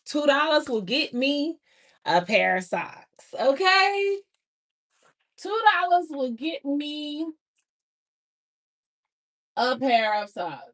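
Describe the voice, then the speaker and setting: Excitable high-voiced woman on livestream. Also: slow pace, pauses often. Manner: emotional and excitable, laughing, slangy. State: close to tears. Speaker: livestream host. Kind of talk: casual livestream chat.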